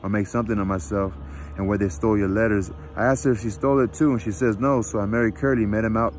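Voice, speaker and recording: A man voicing a lonely, restless young ranch wife in a read-aloud book, talking quickly and pleadingly. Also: lowish voice, fairly even intonation, a little mellow, slight background noise, natural voice. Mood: confiding.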